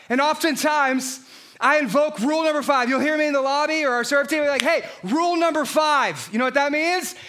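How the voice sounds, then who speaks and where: A male pastor preaching a fired-up sermon, his voice very high and bright with a forceful edge. He swings into shouts on key lines and keeps hitting the congregation with rhetorical questions. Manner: energetic, animated preaching with frequent shouted lines.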